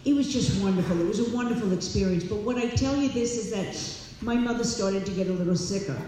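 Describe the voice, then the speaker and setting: A woman sharing her personal recovery story with an audience, warm and animated, laughing and repeating herself as she talks. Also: mid-range voice, fast, a little hiss or hum. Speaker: speaker at a recovery meeting. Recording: echoey hall, distant mic.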